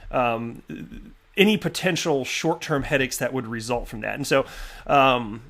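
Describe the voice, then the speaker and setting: A man hosting a casual commentary video, chatty and animated with lots of fillers and restarts. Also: mid-range voice, a little slow. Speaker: crypto video host. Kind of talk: casual commentary reading tweets.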